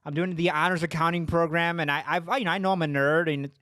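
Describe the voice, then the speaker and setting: A man's voice: a little high, steady tone, quick pace, pushed and bright, dry recording, studio quality. A man hosting a podcast, chatting bluntly, swearing freely and joking. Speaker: podcast host. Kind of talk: casual conversation.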